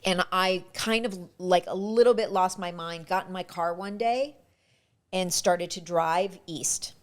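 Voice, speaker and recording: A woman's voice: fairly low pitch, measured pace. Woman recounting an acting audition. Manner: lively anecdotal, frequent restarts. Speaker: actress guest. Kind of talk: casual interview storytelling.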